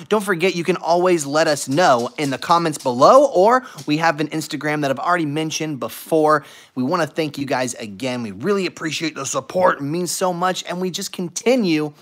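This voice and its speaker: Playful livestream host with a lively voice. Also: medium pitch. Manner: playful, talks to the dogs in baby talk. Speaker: live stream host. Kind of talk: casual livestream chat. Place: at home with dogs.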